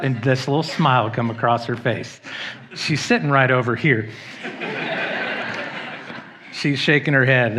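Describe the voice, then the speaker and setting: A middle-aged man preaches to his church in a bright, forward voice that sits a little high. He tells stories with self-deprecating humor and acts out the quotes. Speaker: pastor. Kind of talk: sermon. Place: church sanctuary.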